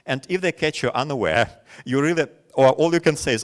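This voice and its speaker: A man's voice: medium pitch, a little fast. A man in his forties with a Russian accent, a native Russian speaker, gives a webinar lecture to teachers and tells stories full of examples. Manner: storytelling with many examples, animated quoting. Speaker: teacher trainer.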